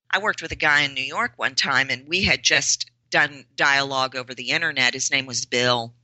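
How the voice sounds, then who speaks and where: Forceful low-voiced woman voice coach. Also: no echo, poor audio. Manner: emphatic, repeats words for stress. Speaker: voice and presentation coach. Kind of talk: podcast interview answers.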